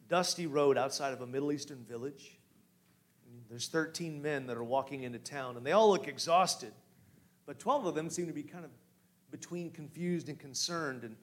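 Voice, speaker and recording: A man preaching a sermon who moves from hushed storytelling to loud, rising exhortation and asks the congregation direct questions. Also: fairly high pitch, animated, moderate pace. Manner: guides listeners with direct questions. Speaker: pastor.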